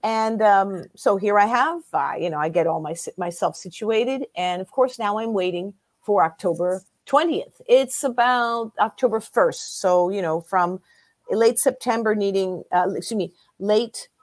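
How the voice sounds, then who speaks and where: A woman in her sixties, a guest in an interview, telling her story in a lively way and acting out what other people said. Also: medium pitch, unhurried, no room sound. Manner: lively storyteller who acts out quoted voices.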